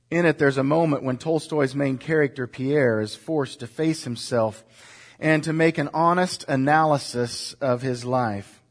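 A male pastor delivers a sermon in a slightly higher-pitched voice. He asks rhetorical questions and moves between soft, reflective moments and emphatic passages. Now and then he leads the congregation in saying a line together.

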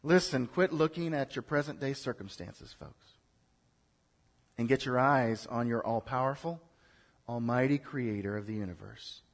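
A man preaching a sermon to a congregation, building from quiet urging to loud exhortation and leading it in call-and-response. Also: medium pitch, normal speed, creaky. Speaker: pastor. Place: church in front of a congregation.

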